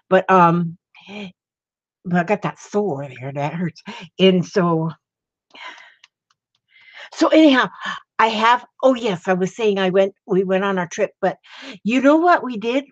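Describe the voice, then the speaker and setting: A woman's voice: mid-range voice, no echo. An older woman hosting a livestream from home, chatting in a rambling, easily delighted way and greeting viewers with little exclamations. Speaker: livestream host. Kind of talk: rambling casual chat. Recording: dull lo-fi dry sound.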